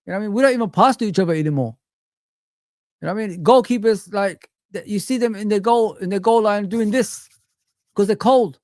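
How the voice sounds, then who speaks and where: A man's voice: sits high, a little fast, a little mellow, dry recording. Exasperated man ranting close to the mic. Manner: exasperated, repetitive, swearing. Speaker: fan channel livestream host. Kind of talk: casual livestream rant.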